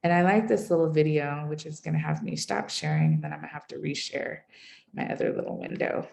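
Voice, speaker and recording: A woman with a low, gravelly voice and a mellow, dark tone leads a webinar. She talks in a loose, chatty way, full of fillers. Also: big pitch swings, brisk. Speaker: counselor presenting a webinar. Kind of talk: casual webinar presentation.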